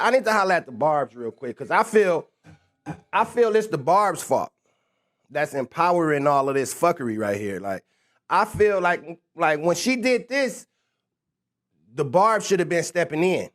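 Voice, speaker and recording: A young man rants on his livestream in a high voice. He stumbles over his words, restarts phrase after phrase, and laughs things off. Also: expressive, normal speed, fairly bright tone. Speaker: rapper on a livestream. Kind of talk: rambling livestream rant.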